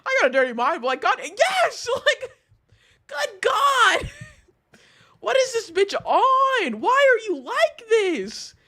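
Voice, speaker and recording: A woman's voice: very high voice, huge pitch swings, slow, pushed and bright. A young woman streaming, reacting to a video in a casual, incredulous way, laughing and swearing often.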